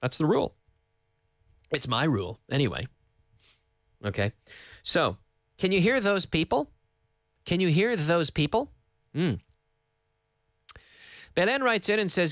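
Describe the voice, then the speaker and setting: A man from Nova Scotia teaching English on live radio from a studio microphone, patiently repeating words slowly for learners. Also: fairly high pitch, very animated, fairly bright tone, dry recording. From Canada (Nova Scotia).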